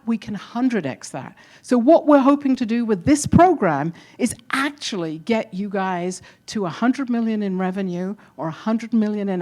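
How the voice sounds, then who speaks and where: Addressing an event crowd live, an English-accented woman delivers an energetic, encouraging demo day keynote and chats with the audience. She has a mid-range, slightly mellow voice.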